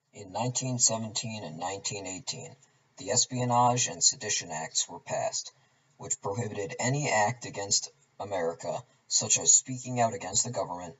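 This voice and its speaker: A man reading a scripted narration as a student narrator, in a flat, even, low-leaning way. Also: slightly rough. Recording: distant mic, dull and lo-fi.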